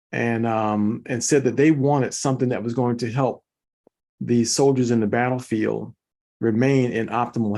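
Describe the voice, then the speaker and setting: A man with a medium-pitched, slightly mellow voice hosts a casual online presentation. He walks viewers through his slides with enthusiasm, repeating words for emphasis and addressing them as folks while offering product commentary.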